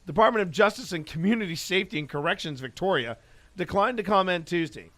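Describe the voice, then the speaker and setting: A man's voice: sits high, expressive, quick pace, pushed and bright. Rambling male podcast host. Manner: rambling, with frequent restarts. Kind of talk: casual podcast chat and news reading.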